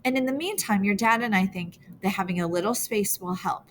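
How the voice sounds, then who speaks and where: A woman reading the lines of a worried mother who speaks gently and carefully to reassure her daughters. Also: mid-range voice, brisk, a little hiss or hum, close to an everyday voice. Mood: gentle.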